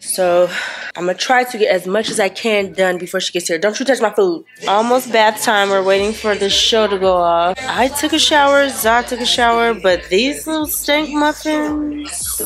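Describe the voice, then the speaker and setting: A woman's voice: mid-range voice, normal speed, rough recording. Young woman vlogging, aave, sassy and bossy with the kids, music going in the back. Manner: sassy, scolding the kids, then hushed at night. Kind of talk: casual vlog narration.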